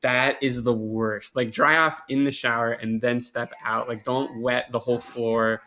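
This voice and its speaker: A man's voice: mid-range voice, steady tone, measured pace, bright, forceful tone. A man co-hosting a podcast in casual chat, playful and emphatic, laughing often. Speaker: podcast co-host.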